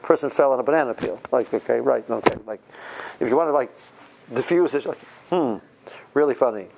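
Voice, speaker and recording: A man with a medium-pitched, gravelly voice talks fairly quickly over background noise. He's a rabbi giving an informal Torah class, keeping it conversational with lots of rhetorical questions and Hebrew terms woven in.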